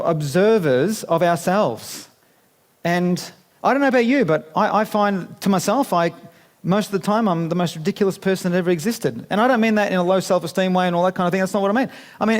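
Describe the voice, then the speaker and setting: A man, giving a chatty, playful seminar talk to a live audience in a conference room and asking them questions. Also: high-pitched. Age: 50s. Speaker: business speaker.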